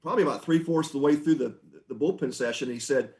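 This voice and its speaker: A middle-aged man, a former baseball pitcher, telling stories on a podcast in a relaxed, chatty way. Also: fast talker. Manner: relaxed, anecdotal, frequent restarts and laughs. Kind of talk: conversational storytelling.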